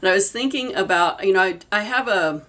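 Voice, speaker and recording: A woman's voice: medium pitch, a little fast, a bit bright. A middle-aged woman, an energy healer, talking earnestly and personally to camera in a casual, rambling way with fillers. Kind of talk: casual spiritual talk to camera.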